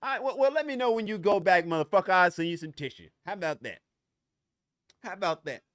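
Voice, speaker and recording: A man's voice: sits high, animated, quick pace, fairly bright tone, no room sound, clean studio sound. A middle-aged man hosting a podcast, ranting in a profane, heated and confrontational way, often stumbling over restarts. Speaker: podcast host. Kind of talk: solo podcast rant.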